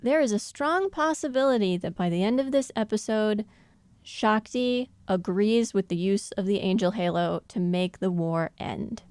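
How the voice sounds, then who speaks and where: Podcast co-host, woman, thoughtful and quick to laugh, clean smooth tone. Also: mid-range voice, a little mellow, no room sound. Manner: thoughtful, laughs often while explaining. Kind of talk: casual analytical chat.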